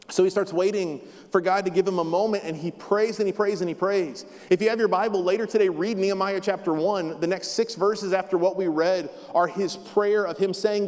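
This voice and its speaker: A man's voice: high voice, fairly quick, a little mellow. A man preaching a sermon as a pastor, emphatic and repetitive with touches of light humor, heard in a church sanctuary. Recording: long hall reverb.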